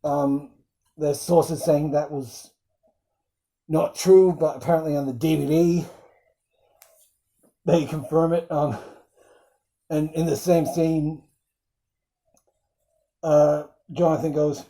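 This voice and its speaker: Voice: medium pitch, fairly even intonation, unhurried, pauses often, mellow, poor audio. A film reviewer recapping scenes in casual chat, rambling with frequent ums and acting out quoted lines in bursts.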